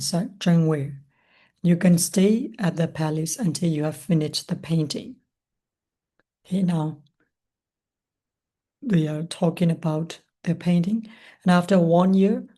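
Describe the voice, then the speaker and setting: Woman, english teacher, slow deliberate reading, mellow tone, explains vocabulary to students. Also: lowish voice. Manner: slow and deliberate, asking questions and answering them herself. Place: language school classroom.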